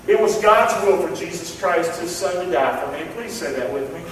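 High-voiced Southern preacher in an echoey hall. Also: male voice, a little fast, few pauses, a crowd in the background. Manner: folksy, impassioned preaching with call-and-response. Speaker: pastor. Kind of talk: sermon. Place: church sanctuary. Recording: echoey hall, mic far off.

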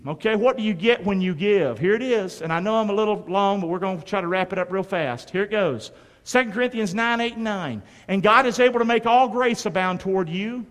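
A man's voice: sits high, in a large hall. A man preaching a sermon as pastor, emphatic and drawing the congregation to respond. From North Carolina.

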